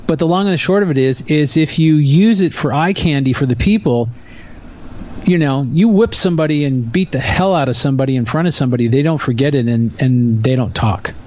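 A man in a casual podcast conversation, ranting with indignation and mocking others in quick quoted asides. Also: fairly high pitch, darkish tone.

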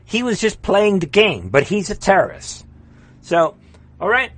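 A man's voice: sits high, huge pitch swings, unhurried, fairly bright tone. A man hosting a livestream, ranting in heated political commentary, straining his voice and reading viewer comments aloud. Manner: impassioned, ranting, repeats rallying calls. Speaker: livestream host.

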